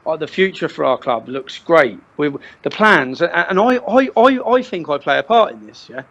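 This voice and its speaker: A man from Luton, talking as an interview guest in an animated way, often restarting and repeating words. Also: a little high, normal speed, dull audio. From Luton, England. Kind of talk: casual interview chat.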